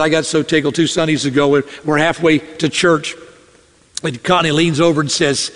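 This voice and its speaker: A man preaching a sermon from the pulpit of a church, animated, and often acting out the voices of the people he quotes. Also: fairly high pitch, moderate pace, long reverb tail. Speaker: pastor. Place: church sanctuary. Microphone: podium or stage mic.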